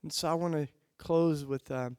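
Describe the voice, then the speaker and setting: A man giving an impassioned keynote sermon, telling stories and building to loud emphatic peaks before dropping low and quiet. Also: steady tone, normal speed, clear, resonant tone, no echo. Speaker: keynote speaker. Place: conference hall.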